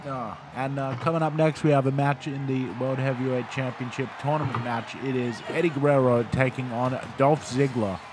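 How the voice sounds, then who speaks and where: A man's voice: medium pitch, steady tone, moderate pace, few pauses. Man calling a wrestling game, noisy. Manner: rambling, lots of fillers and restarts. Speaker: play-by-play commentator. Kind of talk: casual video game commentary.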